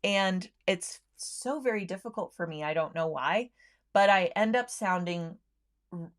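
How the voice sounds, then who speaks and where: A woman's voice: mid-range voice, a bit bright. A woman hosting a sewing livestream, chatting casually with viewers, friendly, with lots of ums and easy laughs.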